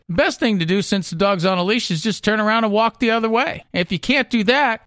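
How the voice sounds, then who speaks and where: A man's voice: sits high, fairly bright tone, dry recording, studio quality. A man hosting a short radio segment, talking listeners through dog behavior in a direct, instructive way. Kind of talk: scripted radio tip segment.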